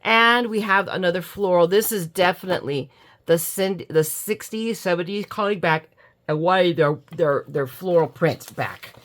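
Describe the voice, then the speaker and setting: Drowsy from her allergy medicine, a middle-aged American crafting YouTuber gushes her way through unboxing crafts in casual, chatty talk. She pokes fun at herself and yawns, speaking at a moderate pace in a fairly low voice.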